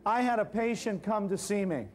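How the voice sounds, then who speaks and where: High-voiced man telling a lively story. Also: normal speed. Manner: animated storyteller, addresses audience directly. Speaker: natural healing speaker. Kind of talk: storytelling seminar talk. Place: seminar hall with audience.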